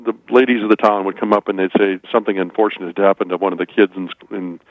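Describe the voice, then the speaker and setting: A man's voice: low-pitched, steady tone, quick pace, dry recording, phone-quality sound. A man from Minnesota, a weekly guest on a radio talk show, chatting in a rambling, folksy, joking way. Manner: folksy, rambling and joking, often putting on small-town voices. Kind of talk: casual radio banter.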